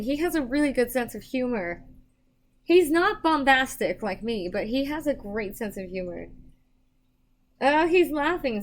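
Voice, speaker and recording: A young adult woman giving psychic readings on a live stream, chatting casually with viewers, emotional and quick to laugh. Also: sits high. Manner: emotional, chatty, laughs often, self-deprecating.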